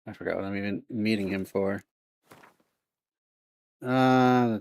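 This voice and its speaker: A man's voice: lowish voice, measured pace, creaky, a little mellow. Chatty male game streamer. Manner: chatty, thinking aloud. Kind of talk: casual let's-play commentary.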